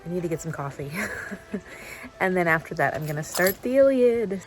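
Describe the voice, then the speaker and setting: A woman's voice: lowish voice, animated, moderate pace. A young adult woman chatting casually to camera as a book vlogger, tired, laughing often and retelling loosely with restarts. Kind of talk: casual vlog chat to camera.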